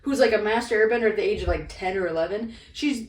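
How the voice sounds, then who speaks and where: A woman's voice: mid-range voice, quick pace. Chatty woman in an echoey room. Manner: chatty, lots of "like" fillers. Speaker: co-host ranking characters. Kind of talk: casual chat. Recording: echoey room, distant mic, faint noise.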